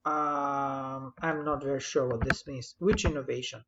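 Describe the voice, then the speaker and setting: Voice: mid-range voice, fairly even intonation, unhurried, dull audio, noisy background. A teacher patiently talking through corrections on a student's written summary. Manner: patient, explanatory, gently correcting. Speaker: English writing teacher.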